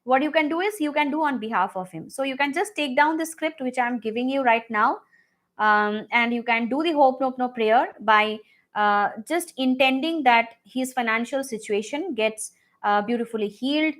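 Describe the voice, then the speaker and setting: A woman coaching listeners through a healing prayer in a live Q&A, earnest and repetitive, with many fillers, dropping soft and low on the prayer words. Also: normal speed. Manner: drops soft and low when reciting the prayer. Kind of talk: live Q&A teaching.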